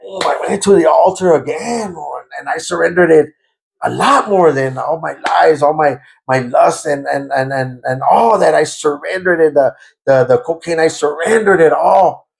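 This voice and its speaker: Telling the story of his conversion as a guest, this man stammers, repeats things, and mixes in Spanish words. His somewhat high, creaky voice moves at a normal speed, rising to loud fervor when he recalls his prayer.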